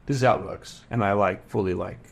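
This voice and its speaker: Australian man, middle-aged, lower voice, animated storyteller, acts out quotes. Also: quick pace, vocal fry. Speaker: podcast guest, entrepreneur. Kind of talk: casual storytelling.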